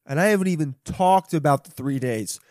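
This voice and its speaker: A young man hosting a solo podcast, chatting casually and profanely, jumping between loud bursts and muttered asides. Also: fairly high pitch, animated, a little fast, no echo. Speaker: podcast host. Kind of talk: rambling solo podcast chat.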